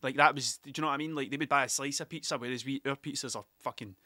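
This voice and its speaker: A man's voice: mid-range voice, racing, bright, forceful tone, no room sound, studio quality. A young Scottish man hosting a solo podcast, rambling casually from topic to topic and swearing freely. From Scotland. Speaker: podcast host.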